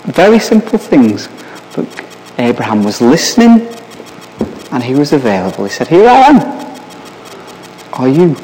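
A man's voice: mid-range voice, very animated, normal speed, pauses often, warm tone, slight background noise. A man preaching a sermon, reading scripture and asking his listeners many searching questions. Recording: long hall reverb.

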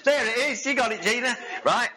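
A male preacher, giving a sermon with animated storytelling and jokes with the congregation. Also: very high voice, a little fast, slight background noise, poor audio.

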